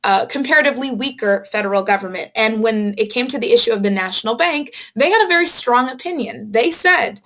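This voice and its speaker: A woman teacher giving a recorded history lecture, explaining events to students with casual asides and quick self-corrections. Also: a little high, animated, a bit bright. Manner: explanatory, addresses students directly with reminders. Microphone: screen-recording microphone.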